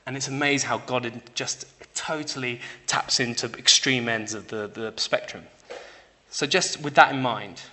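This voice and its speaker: Bright-voiced young man preaching casually. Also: medium pitch. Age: young adult. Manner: conversational, checks in with listeners by asking "yeah?"; animated, swings between loud emphasis and quiet asides. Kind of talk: informal sermon.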